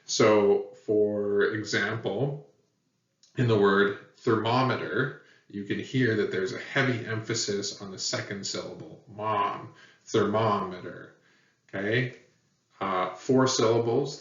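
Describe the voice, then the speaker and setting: A man teaching a lesson in a plain, patient way, pausing often with fillers. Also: lowish voice, fairly bright tone. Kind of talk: explanatory lecture. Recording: echoey, dull, far from mic.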